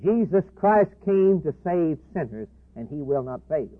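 Male preacher, fervent sermon delivery, slightly high and husky, thin phone-like sound. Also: expressive, a little slow. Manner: impassioned, repetitive, swinging between loud declarations and hushed asides. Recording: tinny phone-like band, husky.

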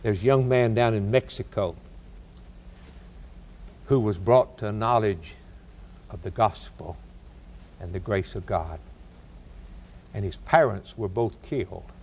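A man preaching a sermon, telling stories dramatically and building cadenced lists, with big swings in pitch and pace. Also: measured pace, pauses often, a little mellow, slight background noise.

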